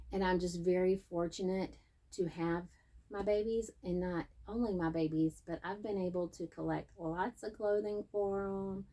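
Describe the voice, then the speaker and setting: A woman's voice: on the low side, darkish tone. A woman hosting a casual vlog from home, chatting in a rambling, self-deprecating way. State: out of breath. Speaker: host. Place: seated at home.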